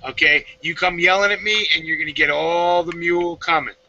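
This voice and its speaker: A man's voice: on the high side, steady tone, fairly quick, pushed and bright. A man on a casual panel telling blunt, profane stories from his working life, often checking "right?". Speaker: panel guest, blacktopper. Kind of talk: casual storytelling. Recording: muffled lo-fi audio.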